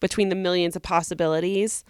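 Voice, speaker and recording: A woman's voice: on the low side, fairly even intonation, fast, darkish tone, smooth, no echo, studio quality. A young woman co-hosting a podcast, giving earnest, encouraging advice in casual chat. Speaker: podcast co-host.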